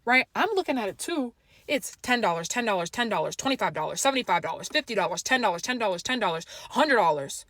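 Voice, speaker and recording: A young woman telling a storytime story to camera in a lively, animated way, acting out family members' lines. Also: medium pitch, fast, no echo. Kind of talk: storytime vlog.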